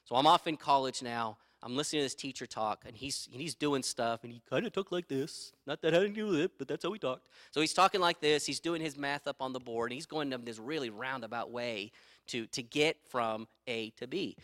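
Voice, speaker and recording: A man's voice: mid-range voice, a little fast, sharp tone. A middle-aged man preaching a sermon as pastor, emphatic and repeating his key phrases, with stories from his own life.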